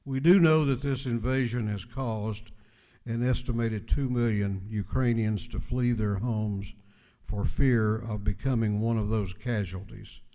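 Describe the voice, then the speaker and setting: Man, slow formal oratory, mellow voice, long reverb of a big chamber. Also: fairly low pitch, fairly even intonation. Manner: measured, deliberate oratory with emphatic repetition. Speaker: house speaker presenting a resolution. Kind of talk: formal floor speech. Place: large legislative chamber.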